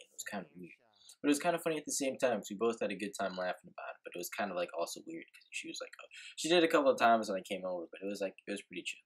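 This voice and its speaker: A man's voice: lowish voice, breathy edge. A young man telling a rambling, laid-back story in a casual vlog, full of filler words and swearing. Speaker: vlogger.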